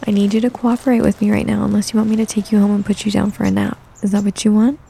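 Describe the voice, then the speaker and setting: A young adult woman performing a whispered role-play, talking softly and soothingly like a coaxing caretaker. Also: mid-range voice, level tone, rapid-fire, gravelly, husky. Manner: soothing, coaxing caretaker talk, mostly soft and close.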